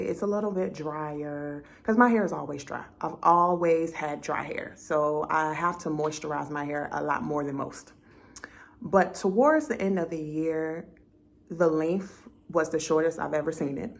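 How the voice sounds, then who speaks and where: A young woman vlogging casually, telling a story and acting out her own conversations in an animated way. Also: sits low, vocal fry.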